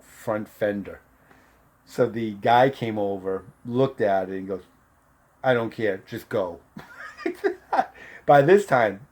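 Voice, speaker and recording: A man's voice: medium pitch, darkish tone. A middle-aged man from Massachusetts telling a personal story in a casual, profane way, laughing as he goes and acting out what people said. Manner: profane, laughs through the tale, acts out the voices.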